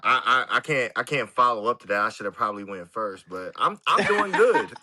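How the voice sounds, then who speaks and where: A man's voice: medium pitch, animated, moderate pace, bright, forceful tone. A man co-hosting a casual sports podcast, talking loosely with lots of "like" and "you know". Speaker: podcast co-host.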